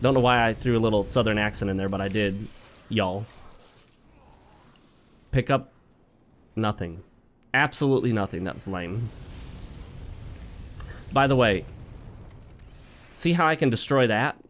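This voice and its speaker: A man's voice: fairly low pitch, normal speed, pauses often, fairly bright tone. A man hosting a gaming channel, chatting wryly through a let's play and mixing in advice talk with joking asides. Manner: chatty and wry, joking asides while playing.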